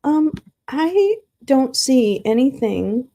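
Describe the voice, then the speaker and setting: A woman hosting a casual livestream in an unhurried, mellow voice. She rambles, hums little tunes under her breath and swears freely as she talks to her chat. She sounds easily flustered and confused while she searches. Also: high voice, big pitch swings. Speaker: livestream host.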